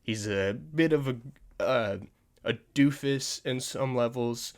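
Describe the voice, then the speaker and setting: A man's voice: mid-range voice, slow pace, darkish tone. A man hosting a podcast, chatting casually about movie news in a rambling way, restarting sentences and chuckling at himself. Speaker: podcast host.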